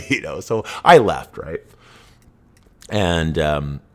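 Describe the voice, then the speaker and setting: A man around fifty with a very low voice tells a story off the cuff. His delivery swings widely in pitch, and he rambles with swearing and constant "right?" tags. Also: sing-song, drawn-out words. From Vancouver, Canada. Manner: rambling, profane, full of "right?" and "you know". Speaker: true crime podcast host. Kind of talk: casual personal storytelling.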